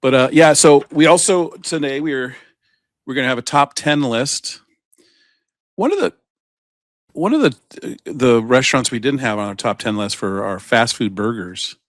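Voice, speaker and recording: A man co-hosting a podcast chats casually in a mid-range voice at normal speed, rambling loosely with lots of fillers and tangents. The recording is studio quality with no echo.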